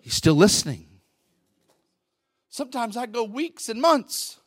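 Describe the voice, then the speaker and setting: A middle-aged male pastor preaching a Pentecostal sermon into a microphone in a church, talking conversationally and then swelling into loud, fervent bursts. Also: very high voice, sing-song, a little slow, breathy edge, no echo. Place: church sanctuary. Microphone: handheld microphone at the pulpit.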